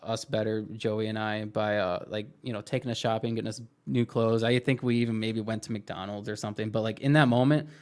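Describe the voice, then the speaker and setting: A young man guest on a podcast, recalling his past in a reflective, halting way with many fillers. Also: fairly low pitch, steady tone, a little mellow, smooth. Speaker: interview guest. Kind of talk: casual podcast interview.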